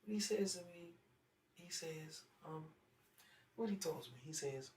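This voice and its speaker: A man speaking as an interview guest, telling a childhood story in an animated way that turns loud when he gets worked up. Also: a little high, a little slow, long pauses, a little hiss or hum. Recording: echoey room, far from mic, faint ambience.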